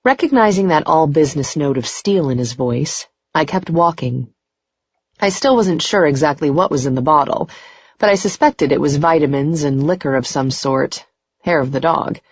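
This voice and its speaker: A woman's voice: sits low, husky, no room sound, dull audio. A woman narrating a first-person romance audiobook in an intimate, emotional way. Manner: intimate, emotional, rising to tearful in dialogue.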